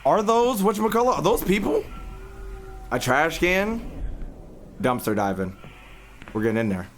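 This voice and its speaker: A man's voice: fairly high pitch, sing-song, normal speed, faint music behind. A young man streaming a live reaction. He talks to his chat with plenty of profanity and yelps when something startles him.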